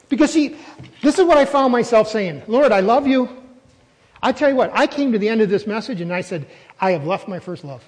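A man's voice: high voice, darkish tone, in a large hall, low-quality recording. A man preaching a sermon as a pastor, emphatic and throwing questions at the congregation.

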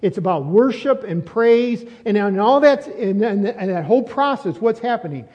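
A male pastor with a high, expressive, slightly mellow voice preaches conversationally at normal speed, asking rhetorical questions and frequently restarting his sentences. The audio is muffled with long reverb.

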